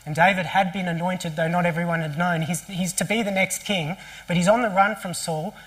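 During a church service, a pastor with a middling-pitched voice delivers a sermon as animated storytelling, packed with rhetorical questions and quick restarts.

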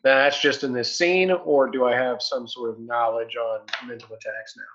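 A man's voice: mid-range voice, fairly even intonation, moderate pace, fairly bright tone, muffled recording, a little hiss or hum. A man playing a tabletop game, chatting casually and thinking aloud as he counts his dice.

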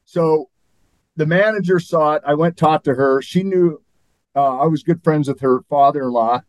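A man's voice: on the high side, normal speed, no echo, rough recording. An older man, a former athlete and guest, telling stories in a rambling, chuckling way. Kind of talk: anecdotal interview storytelling.

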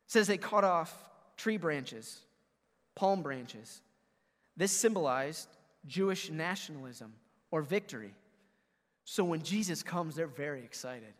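High-voiced preaching man in a reverberant hall. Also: expressive, unhurried. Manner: preaching with big swings from booming to hushed; talks directly to the congregation. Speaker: pastor. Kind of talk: sermon.

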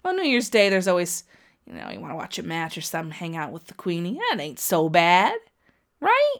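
Her voice sits fairly low and moves at a quick clip as she reacts live to a wrestling match on her watch-along stream. Chatty and excitable, she addresses viewers directly and lets out gasps and cries at the action.

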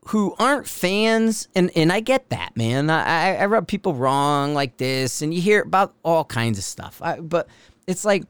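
Male podcast host, rambling and chatty, acts out quoted exchanges, crisp voice, dry sound. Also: mid-range voice, dry recording. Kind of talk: casual podcast monologue.

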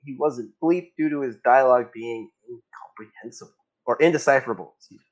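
A man's voice: medium pitch, a little fast. A man co-hosting a podcast, reading out trivia notes casually with chuckles. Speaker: podcast co-host.

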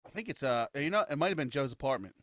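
A man's voice: mid-range voice, lively intonation, very fast, fairly bright tone, no echo, clean studio sound. A man co-hosting a casual podcast, swearing freely and laughing as he quotes comedy sketches. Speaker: podcast co-host.

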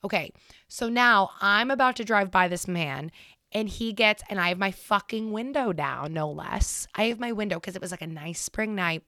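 A woman in her twenties, a podcast co-host, telling a story in a casual, animated and heavily profane way. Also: mid-range voice, moderate pace, no echo, clean studio sound.

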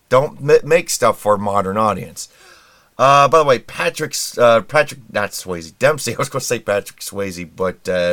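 A man's voice: fairly low pitch, a bit bright. A middle-aged man hosting a podcast, delivering a casual, sarcastic, rambling opinion monologue with wry asides. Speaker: podcast host.

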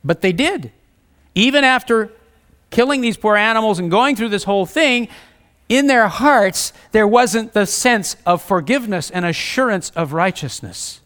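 A man delivering a sermon in an earnest, direct way. His voice sits fairly high. He mixes scripture readings with plain-spoken asides to the congregation. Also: expressive, normal speed, fairly bright tone. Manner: earnest, preaching with rising emphasis and repetition; reads scripture aloud, conversational asides. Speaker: preacher.

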